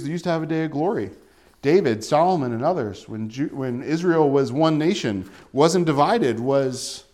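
A man's voice: medium pitch, a little mellow. Man preaching a conversational sermon. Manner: conversational, asks rhetorical questions.

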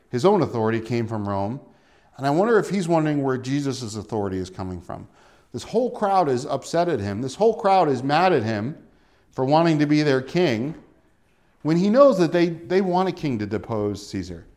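A man's voice: on the high side, darkish tone. A man preaching a sermon in a conversational way, often asking rhetorical questions.

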